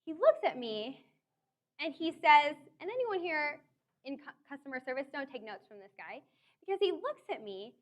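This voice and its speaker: A young woman giving a talk to an audience, telling a personal story in an animated way. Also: high-pitched, moderate pace. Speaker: speaker.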